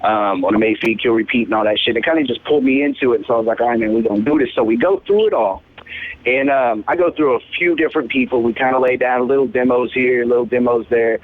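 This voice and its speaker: A young man in his twenties tells his story in loose, profane street slang, tacking "man" onto nearly every sentence. He speaks at a mid pitch as a rapper being interviewed. The sound is thin and tinny, like a phone line. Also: fast talker, slight background noise. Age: 20s. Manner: laid-back, profane street slang, says "man" constantly. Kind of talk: casual storytelling.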